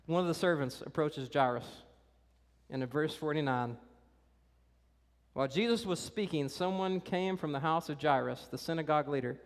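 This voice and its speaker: A pastor preaching a sermon in a conversational, animated way, talking directly to the kids and teenagers in the congregation. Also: male voice, a little high, normal speed. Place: church. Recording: reverberant church hall.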